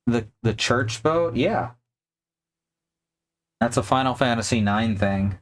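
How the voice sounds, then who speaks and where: A man's voice: mid-range voice, expressive, slow pace. A man hosting a live stream, chatting casually and joking as he thinks aloud while painting miniatures.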